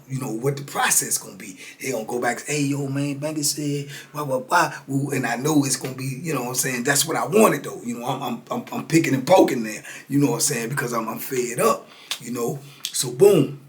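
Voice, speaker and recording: An older American man tells a story in a loose, animated way and jumps into the other voices as he goes. His talk is full of street slang, and his voice sits at an ordinary pitch for a man. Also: brisk. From United States. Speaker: storyteller sharing prison experiences. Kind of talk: casual storytelling.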